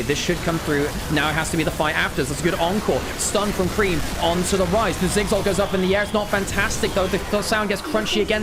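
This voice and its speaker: A man in a slightly high register calls a video game match live, with music playing clearly underneath. He is tired from a long week, yet he still gets worked up and exasperated at the players' mistakes, and he stops to apologize to viewers when he slips. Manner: excitable, swings from calm analysis to loud exasperated outbursts; self-correcting, apologetic asides to viewers. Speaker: esports caster. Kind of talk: live play-by-play commentary.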